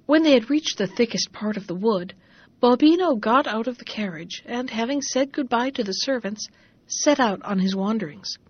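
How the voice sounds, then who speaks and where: A woman's voice: fairly high pitch, moderate pace. A woman reading a fairy tale aloud, changing her voice for the figures in the dialogue. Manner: reads dialogue with lively shifts of voice for each figure. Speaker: storyteller. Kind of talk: scripted fairy tale narration. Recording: dull lo-fi recording.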